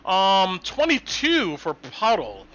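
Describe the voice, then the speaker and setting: A man's voice: high voice, huge pitch swings, slow, pushed and bright, muffled recording. A man running a tabletop game as game master over voice chat, narrating with hesitant fillers and restarts.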